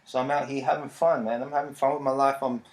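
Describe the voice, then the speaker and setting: A man's voice: medium pitch, quick pace. Rambling man in his thirties. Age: 30s. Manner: rambling, relaxed, frequent fillers. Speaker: podcast host. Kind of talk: casual solo podcast talk. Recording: roomy echo.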